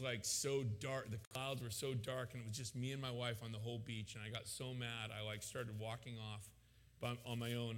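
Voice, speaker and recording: A man preaching a sermon, telling his story with animated loud peaks and frequent stammered restarts. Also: medium pitch. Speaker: pastor. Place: church sanctuary. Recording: long hall reverb.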